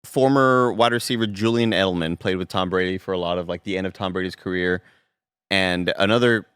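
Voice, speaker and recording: Podcast co-host, man, low voice, relaxed explainer, dry close mic. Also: brisk, clear, resonant tone, no room sound. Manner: relaxed, joking, uses fillers. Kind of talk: casual chat. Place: podcast studio.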